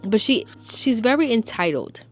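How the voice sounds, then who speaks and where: Sassy young woman ranting about a show, highish voice, faint music behind. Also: sing-song, moderate pace, fairly bright tone. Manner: sassy, exasperated, slangy. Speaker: TV review vlogger. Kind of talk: casual chat.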